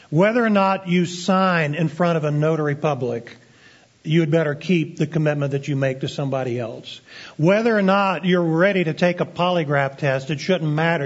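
A man preaching a sermon as pastor, earnest and deliberate, slowing down to stress key phrases. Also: a little high. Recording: dull lo-fi sermon recording.

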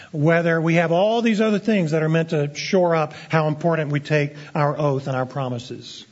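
A man preaching a sermon as pastor, earnest and deliberate, slowing down to stress key phrases. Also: on the high side. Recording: dull lo-fi sermon recording.

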